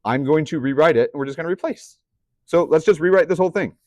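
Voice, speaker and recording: A man's voice: on the high side, quick pace, darkish tone, no echo. Chatty man teaching a math class. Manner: chatty, asks the class questions. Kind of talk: classroom lecture.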